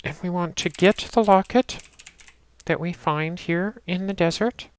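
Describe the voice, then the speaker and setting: Low-voiced woman narrating a game walkthrough. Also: measured pace, dry recording. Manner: steady, instructional, talks the player through each step. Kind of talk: casual let's-play walkthrough narration.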